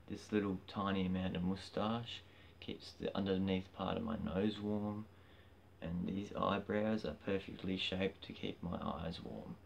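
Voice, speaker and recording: Low, gravelly man ranting. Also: muffled recording, slight background noise. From Australia. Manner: cheeky, blunt, gets loud and heated when ranting. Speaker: livestreamer. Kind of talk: casual rambling livestream. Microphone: phone.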